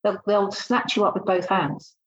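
A woman's voice: medium pitch, moderate pace, lo-fi sound. A woman, a recruitment consultant talking bluntly and emphatically in a casual interview. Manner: blunt, emphatic, acts out exchanges.

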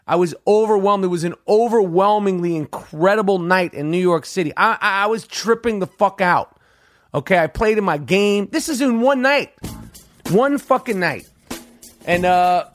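A fairly high-voiced middle-aged man tells a wild story with heavy profanity, repeating phrases as he builds excitement. The recording is dry and close, with no room sound. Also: no echo. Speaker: podcast host. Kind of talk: casual storytelling monologue.

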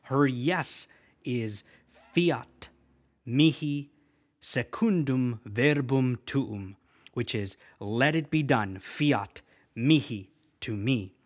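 Guy teaching a prayer bit by bit, slow and patient, says each phrase twice. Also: mid-range voice. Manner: patient, repeats and drills words aloud; slows to spell out the words. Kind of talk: spoken lesson, repeating phrases slowly.

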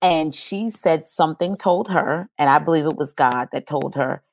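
A woman's voice: sits low, moderate pace, gravelly, few pauses, no echo. A woman guest telling a personal story in earnest, testimony style, in an interview.

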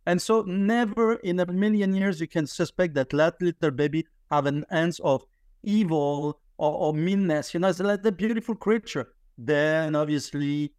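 A man in his fifties tells a story as a podcast guest. His voice sits a bit high for a man, and it reaches the ear dry and close with no room sound. He is animated, laughs often and stumbles through restarts. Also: moderate pace, smooth, no echo. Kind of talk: storytelling in conversation.

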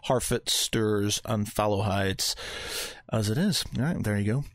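A man's voice: fairly low pitch, measured pace, no room sound. Rambling male podcast co-host, dry sound. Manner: rambling, many restarts while reading aloud. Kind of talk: casual chat.

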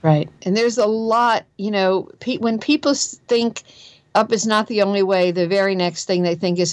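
A woman's voice: medium pitch, normal speed, dry recording. A woman with a New Jersey accent, a guest author talking about careers in an emphatic, earnest way and repeating phrases for stress. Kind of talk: conversational interview.

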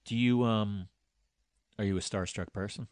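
Easygoing low-voiced interview host. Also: male voice, fairly even intonation, moderate pace, darkish tone, no room sound, clean studio sound. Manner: easygoing, curious questioner. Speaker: podcast host. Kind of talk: casual interview chat.

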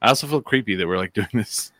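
A man's voice: fast, dry recording, studio quality. A man hosting a casual chat and quiz, joking and swearing freely. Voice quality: joking, swears freely, animated swings in pitch. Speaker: podcast host.

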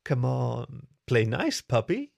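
A man's voice: medium pitch, wildly swooping pitch, takes it slowly, gravelly, no room sound, full character voice. A man voicing a playful young female fox spirit in a story reading, raising his voice to sound teasing and flustered. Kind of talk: audiobook character voice.

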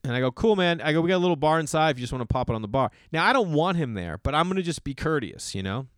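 Profane, animated man telling a story. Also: on the high side, very fast, clean tone, dry recording, studio quality. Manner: profane, animated, acts out quoted voices. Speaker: comedian. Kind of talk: casual storytelling monologue.

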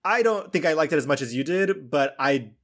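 A man's voice: a little high, expressive, fairly quick, fairly bright tone. A man hosting a film podcast, rambling casually with fillers, restarts and casual swearing. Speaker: podcast host. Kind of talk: casual chat.

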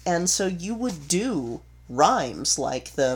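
A woman co-hosting a relaxed podcast conversation. She talks at an unhurried pace with a dry, knowing manner, like someone who did theater. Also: lowish voice, husky. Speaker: podcast co-host. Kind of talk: casual chat.

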